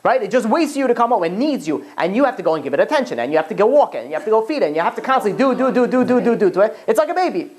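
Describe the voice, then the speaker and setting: A rabbi giving an informal Torah class. He talks in a rambling, animated way, full of asides and acted-out bits of dialogue. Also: high voice, rapid-fire, hardly any pauses.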